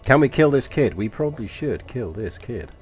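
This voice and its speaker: A man with a softened London accent and a slight New York touch, chatting casually and swearing at the game as he thinks aloud while streaming. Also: mid-range voice, very animated, moderate pace, soft background music.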